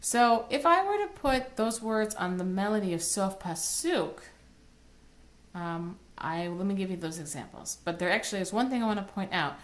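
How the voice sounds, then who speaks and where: A woman's voice: medium pitch, expressive, normal speed. A woman cantor teaching Torah cantillation, explaining plainly and breaking into short sung chant phrases. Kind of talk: recorded online lesson.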